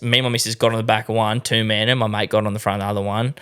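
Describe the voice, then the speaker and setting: A man's voice: fairly low pitch, little pitch movement, rapid-fire, few pauses, a bit bright, clear, resonant tone. A young Australian man co-hosting a podcast, telling travel stories in sweary casual chat and acting out what people said. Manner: sweary storytelling, acts out quotes, laughs often. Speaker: podcast co-host.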